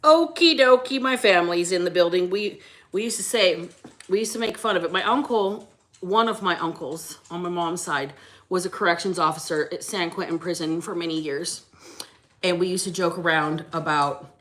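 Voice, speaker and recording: A woman's voice: lowish voice, moderate pace, a bit bright. A woman hosting a casual tarot reading, brash and chatty, swearing freely and greeting her viewers. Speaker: tarot reader and channel host.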